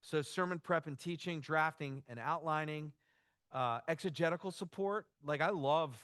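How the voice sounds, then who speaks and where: A man's voice: on the high side, normal speed, fairly bright tone, clear, resonant tone, no echo, studio quality. A man giving a conversational church workshop talk, loose and informal, often restarting his sentences. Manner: casual, loose, with frequent restarts and "like". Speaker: workshop presenter.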